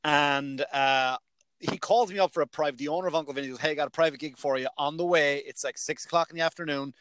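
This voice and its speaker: Man, slightly high voice, stand-up comic, storytelling, swears, dry close sound. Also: quick pace, a bit bright, clean tone, dry recording. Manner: storytelling, swears freely, acts out other people's lines. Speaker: stand-up comedian. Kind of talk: casual chat, telling stories.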